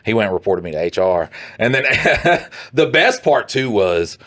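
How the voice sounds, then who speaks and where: A man co-hosting a podcast, telling a profane, animated story in casual chat and putting on voices for the people he quotes. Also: lowish voice, unhurried. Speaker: podcast co-host.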